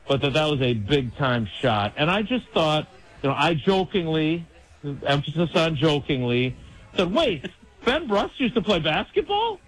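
A man's voice: mid-range voice, rough recording. Rambling middle-aged man calling in. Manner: rambling, self-mocking, joking. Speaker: radio show caller. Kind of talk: casual call-in chat. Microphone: phone hotline.

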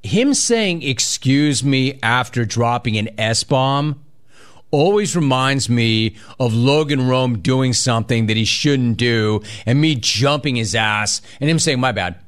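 A man's voice: medium pitch, takes it slowly, clean tone. A man hosting a sports talk show, reading listener emails and teasing his co-hosts with lots of repetition. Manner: animated, mocking, repeats phrases for effect. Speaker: sports radio host.

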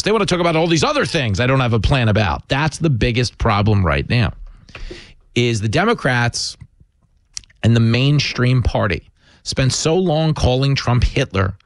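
A man's voice: medium pitch, dry recording. Sarcastic male political commentary host. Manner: sarcastic, mocking asides.

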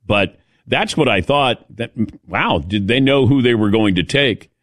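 A middle-aged man hosting a casual sports talk show, animated and self-mocking as he calls on his co-hosts by name. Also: medium pitch, unhurried, no echo, studio quality. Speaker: radio show host.

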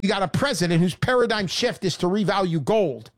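A woman hosting a sarcastic, animated sales pitch monologue. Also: fairly quick.

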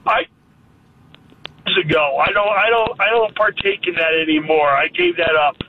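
A man calling in to a late-night radio show, speaking in halting, hesitant phrases. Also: sits high. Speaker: caller. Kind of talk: phone-in chat. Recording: tinny phone line with faint noise.

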